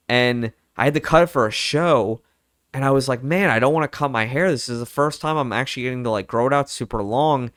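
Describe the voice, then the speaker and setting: A young man talks candidly and loosely to the camera, looping through fillers and quoting his own past thoughts. His voice sits at an average pitch, and the recording is close and dry, with almost no room sound. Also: fairly bright tone, no room sound. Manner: candid, rambling, lots of fillers and self-quotes. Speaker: vlogger. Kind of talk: personal casual chat.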